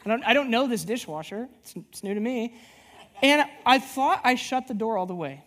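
The recording, soaked in long hall reverb, features a man with an extremely high pitch and moderate pace. He pastors a church plant and rambles animatedly through a personal story in his sermon, frequently restarting.

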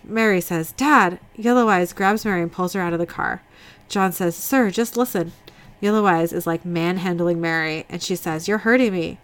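A woman's voice: lowish voice, normal speed, smooth. A woman co-hosting a podcast, reading scene dialogue from her notes in a casual recap. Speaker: podcast host recapping an episode.

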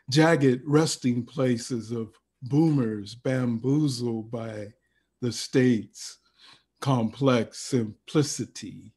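A man's voice: medium pitch, darkish tone, husky. A man performing his own spoken word poem over a video call, with rhythmic, chanted repetitions and rising cries. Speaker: performance poet. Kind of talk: spoken word poetry reading.

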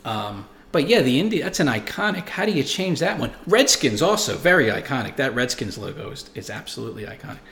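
A man's voice: medium pitch, big pitch swings, brisk, gravelly, hardly any pauses, a bit bright, roomy sound. A man in his forties hosting a show, telling stories and reading viewer comments in a rambling, profane, emphatic way. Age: 40s. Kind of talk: casual monologue.

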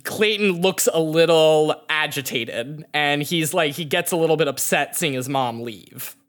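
A game master narrating a tabletop role-play game in slow, descriptive sentences. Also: mid-range voice.

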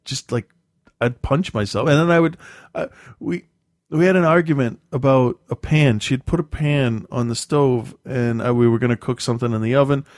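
A man's voice: medium pitch, no echo, studio quality. A man in casual chat, telling rambling, profane stories with a lot of restarts and self-mocking asides. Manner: halting with frequent restarts and ums.

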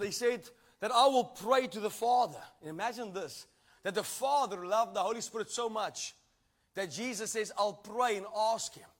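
A man with a strikingly high voice delivers a sermon. He preaches emphatically, drawing call-and-response from the congregation and rising to shouted lines.

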